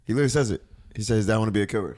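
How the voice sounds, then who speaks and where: A man's voice: on the low side, racing, a little mellow. A man hosting a podcast, casually breaking down rap lyrics with laughter and swearing. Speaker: podcast host.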